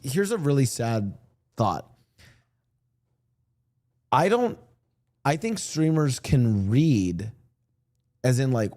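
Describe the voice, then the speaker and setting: A young streamer rambles on at a lively, swinging pitch, his sentences full of fillers and restarts. His talk is crude and joking, and he keeps it loose and casual as he chats to his viewers. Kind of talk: casual chat while streaming.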